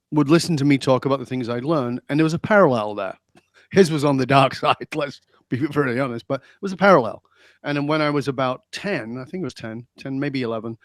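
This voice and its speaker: A middle-aged man from England speaks at a medium pitch and a slightly quick pace, with no echo on the audio. As a podcast guest in a storytelling interview, he relates his life story animatedly and acts out lines from memory.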